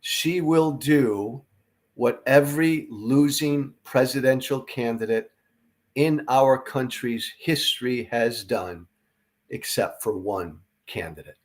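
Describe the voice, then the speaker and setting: A middle-aged podcast host gives a political commentary monologue, speaking slowly and deliberately in a medium pitch. He sounds tired after a sleepless night, yet stays earnest and emphatic, blunt enough to drop the occasional swear word.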